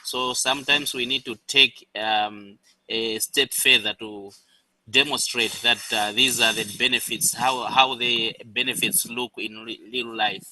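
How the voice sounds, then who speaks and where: A man answering a question in class, speaking haltingly with stammers and fillers. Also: mid-range voice, fairly even intonation, pushed and bright, no echo, distant mic, low-quality recording. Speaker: student.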